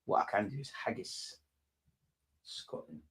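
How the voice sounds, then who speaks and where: Young lad hosting a match watch-along, excitable, shouts at goals and ribs the players. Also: male voice, unhurried. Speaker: football watch-along host. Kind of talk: live match reaction commentary.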